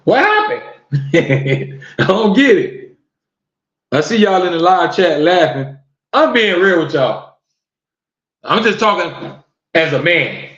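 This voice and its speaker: A man's voice: high voice, a bit bright. A man hosting a podcast, ranting on a live stream to his viewers and firing off rhetorical questions in disbelief. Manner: incredulous, fires off rhetorical questions. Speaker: podcast host. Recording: roomy, dull lo-fi sound.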